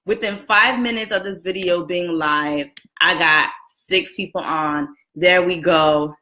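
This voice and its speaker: A woman in her twenties hosting a casual live video chat from a room at home, chatty and lively, greeting viewers by name and laughing often. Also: fairly low pitch, unhurried. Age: 20s. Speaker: livestream host. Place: room at home with a roommate next door. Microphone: camera and phone set up for a live stream.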